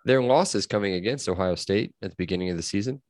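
A man's voice: deep voice, fast talker, darkish tone, no room sound, clean studio sound. A man hosting a sports podcast, chatting casually and rattling off scores and stats. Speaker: podcast host.

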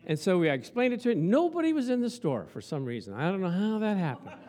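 A man's voice: high-pitched, quick pace. A man preaching a sermon as pastor, telling stories and acting out quotes with lots of passion. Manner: animated, storytelling with acted-out quotes.

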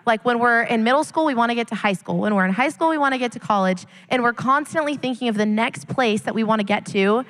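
A woman's voice: fairly high pitch, quick pace, hardly any pauses, fairly bright tone. A woman youth leader sharing passionately and emphatically on a live church panel. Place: church sanctuary, live service. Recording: long church hall reverb.

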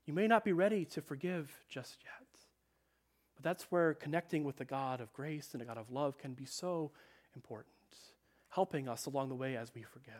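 A male pastor giving a sermon, earnest, slowing down and dropping to a hush on key phrases. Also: mid-range voice.

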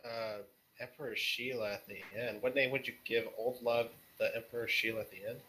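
Male guest, mid pitch, hesitant, casual. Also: level tone, a little fast, sharp tone, a little hiss or hum, low-quality recording. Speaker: interview guest. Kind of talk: casual podcast interview.

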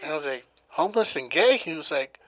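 Bright-voiced man telling a profane story. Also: on the high side, quick pace. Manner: profane, animated storytelling, acting out quotes. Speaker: podcast co-host. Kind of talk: casual storytelling chat.

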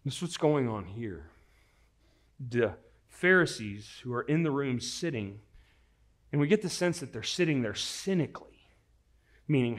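A man's voice: medium pitch, normal speed. Man preaching, earnest sermon voice, tells stories to the congregation. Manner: earnest, storytelling, prayerful then lively. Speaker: pastor.

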